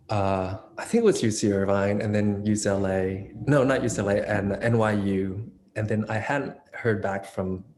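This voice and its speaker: A dance choreographer in his thirties is an interview guest, his voice on the low side and a little mellow, with a bit of hiss or hum in the recording. He speaks casually in the conversation, with many fillers and restarts.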